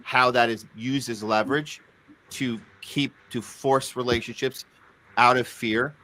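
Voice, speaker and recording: A podcast co-host with a bright, sharp voice talks in a casual, questioning way. He often restarts his sentences as he feels his way toward a point. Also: mid-range voice, fairly even intonation, a little slow, low-quality recording. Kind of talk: casual chat.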